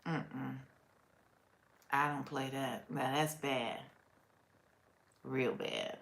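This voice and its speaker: A woman's voice: extremely low pitch, takes it slowly, creaky, long pauses, roomy sound. A woman hosting a casual livestream, chatting with viewers, laughing often and reacting to comments. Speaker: livestream host. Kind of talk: casual live chat.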